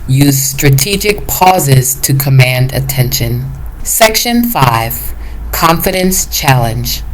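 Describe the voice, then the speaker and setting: Slow, low-voiced woman narrator. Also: slight background noise, low-quality recording. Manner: slow, measured, list-like reading. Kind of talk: scripted narration.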